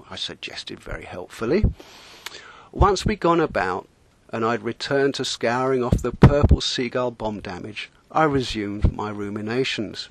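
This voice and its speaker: A man, telling a comic sailing story in a deadpan, wry manner. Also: mid-range voice, moderate pace, dry recording. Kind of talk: humorous spoken monologue.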